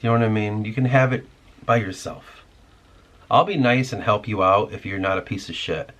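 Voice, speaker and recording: A man's voice: fairly low pitch, moderate pace, a bit bright. A man hosting a podcast, delivering a rambling, irritated, profane rant in casual talk. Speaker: podcast host.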